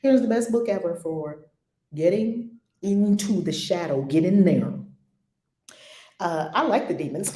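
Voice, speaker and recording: A woman's voice: medium pitch, animated, normal speed, mellow. Woman host of a spiritual chat, blunt and slangy, laughs a lot, roomy echo. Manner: frank, laughing, slangy and emphatic. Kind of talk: casual spiritual discussion.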